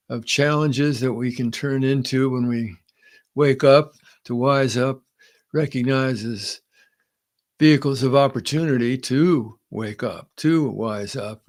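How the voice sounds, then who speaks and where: An older man with a middle-pitched voice opens the show by slowly and solemnly giving thanks in prayer. His invocation is measured and reverent. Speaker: podcast host leading an opening prayer. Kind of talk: spoken prayer and casual chat.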